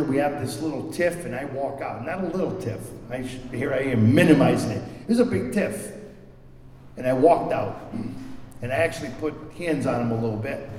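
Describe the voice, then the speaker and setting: A man's voice: mid-range voice, mellow, a little hiss or hum. A man speaking candidly and self-deprecatingly at a recovery meeting, telling a personal story and often repeating words as he searches for them. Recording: echoey hall recorded from far off.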